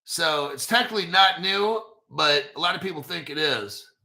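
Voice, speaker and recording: A male show host talks in casual commentary, cursing freely and answering his own asides. His voice sits high and sounds very bright. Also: expressive, normal speed, creaky. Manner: profane, talks back to himself.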